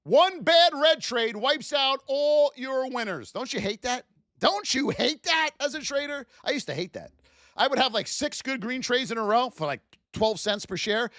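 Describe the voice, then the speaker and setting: High-pitched animated male trading instructor. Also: normal speed, dry recording, studio quality. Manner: animated, acts out traders' self-talk, addresses chat. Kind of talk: live-streamed trading class.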